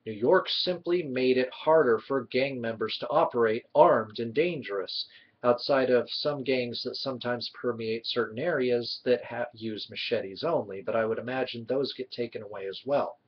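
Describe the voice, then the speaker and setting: Guy vlogging his opinions, kinda husky, sarcastic rant, muffled lo-fi sound. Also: medium pitch, normal speed. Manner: heated, sarcastic ranting. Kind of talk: opinionated commentary. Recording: dull lo-fi recording.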